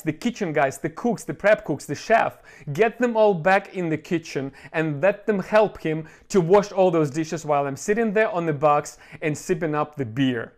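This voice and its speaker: A man, not a native English speaker, hosting an online course and telling a motivational story in an earnest, emotional way, with many fillers and calling his viewers guys. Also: on the high side.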